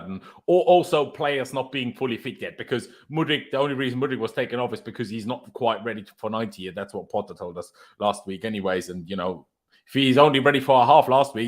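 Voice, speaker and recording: A man hosting a fan reaction live stream, ranting in outrage. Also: mid-range voice.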